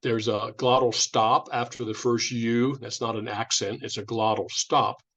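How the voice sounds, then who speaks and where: Man, lecturer, from California, informal talk, middle pitch, restarts now and then. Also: level tone, unhurried, a bit bright. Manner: conversational, with restarts and imitated sounds. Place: indoor lecture room.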